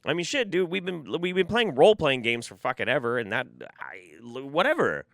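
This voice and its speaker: A man's voice: a little high, big pitch swings, brisk, gravelly, no room sound, clean studio sound. A man giving reaction commentary, ranting in an exasperated, profane way. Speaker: commentary YouTuber.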